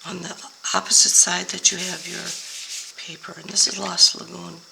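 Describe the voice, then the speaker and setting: An older woman with a hoarse voice, slowly explaining each step of a papercraft card tutorial while she works. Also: on the low side, level tone, heavy background noise. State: hoarse, voice going out. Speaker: papercraft demonstrator.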